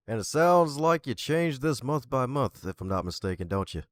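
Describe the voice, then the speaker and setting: A man's voice: mid-range voice, big pitch swings, moderate pace, hardly any pauses, dry recording. A man hosting a podcast, upbeat and playful, repeating catchphrases as he reacts to his guest. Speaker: podcast host. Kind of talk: casual interview chat.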